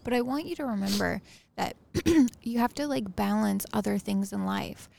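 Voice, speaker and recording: A woman's voice: mid-range voice, normal speed, creaky, a little mellow. A woman co-hosting a casual couple's podcast, insisting firmly on her point in a discussion with her partner. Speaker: podcast co-host.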